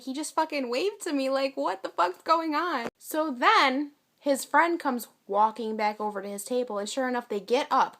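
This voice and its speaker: A woman's voice: a little high, a bit bright. A young woman telling a storytime vlog in a blunt, profane, casual way, acting out what she and others said. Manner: blunt, profane, with acted-out quotes. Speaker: vlogger.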